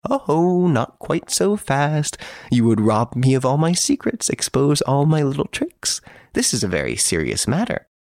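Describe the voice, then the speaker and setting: This is a suave gentleman thief, relaxed in his cell and amused by everyone around him, as a man puts him on. He teases and brags in a voice that leaps up and down, with some gravel under it. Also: a little high, unhurried, no room sound, clean studio sound, voice pushed up, heavily acted. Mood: mocking, playful. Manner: playful, teasing, boastful. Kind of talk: audiobook character reading.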